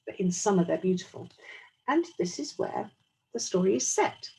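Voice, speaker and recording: A woman's voice: medium pitch, big pitch swings, moderate pace, creaky, mellow, slightly rough, low-quality recording. A woman teacher reading a storybook aloud to young children, explaining as she goes.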